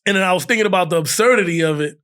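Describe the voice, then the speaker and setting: A man's voice: sits high, rapid-fire. A man guest on a podcast telling a funny story in casual talk, laughing often and acting out what others said. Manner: animated, laughs often, acts out quotes.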